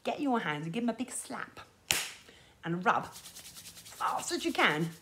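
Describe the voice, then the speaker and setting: A woman leading a children's lesson, animated and sing-song, talking straight to little ones outdoors. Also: medium pitch, takes it slowly, noisy background. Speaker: children's music teacher. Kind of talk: lively children's lesson with songs. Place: outdoors in sunshine.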